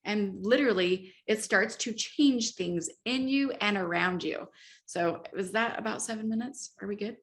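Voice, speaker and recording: A middle-aged woman speaking as an interview guest, animated and laughing often, acting out inner voices as she talks. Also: mid-range voice, moderate pace. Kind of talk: enthusiastic interview talk.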